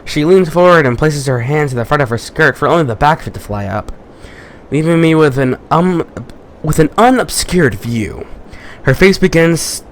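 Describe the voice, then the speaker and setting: A man reading a visual novel aloud with commentary, haltingly, stumbling and restarting on words. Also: a little high, lively intonation, a little hiss or hum. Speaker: gaming YouTuber.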